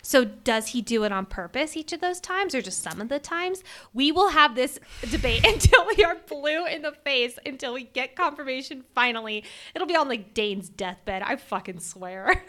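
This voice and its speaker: A young woman co-hosting a casual book podcast, animated and laughing often, with some swearing, talking into a microphone. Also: high-pitched, normal speed. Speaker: podcast co-host. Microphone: studio microphone.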